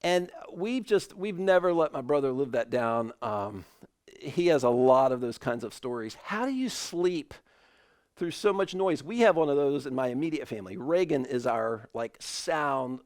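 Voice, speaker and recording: A man preaching an online sermon in a relaxed, conversational way, telling a family story with animated asides. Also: mid-range voice, normal speed, no room sound, studio quality. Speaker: pastor.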